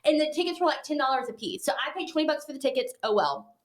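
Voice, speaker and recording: A talkative woman with a fairly high voice is telling a story on a podcast. She sounds animated and chatty, and she acts out the other people's lines as she goes. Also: fast talker. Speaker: podcast guest. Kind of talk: casual storytelling chat.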